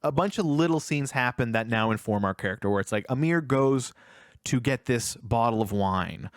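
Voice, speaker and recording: A man's voice: medium pitch, animated, normal speed, dry recording, studio quality. A man co-hosting a casual film review podcast, retelling scenes at length and acting out the characters' lines. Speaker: podcast co-host.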